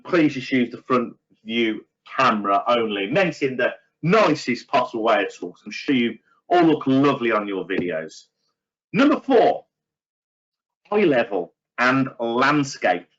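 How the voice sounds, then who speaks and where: A man's voice: mid-range voice, lo-fi sound. A middle-aged man giving a webinar training talk to estate agents, chatty, with many fillers and self-deprecating asides.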